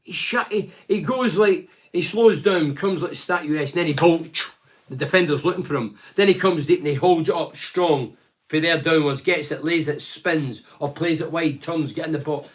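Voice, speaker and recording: An older man from Scotland talking casually about football as a pundit, reading out fan messages and rambling with lively asides. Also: a little high, normal speed. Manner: animated, chatty, rambling with asides. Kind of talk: casual solo football commentary.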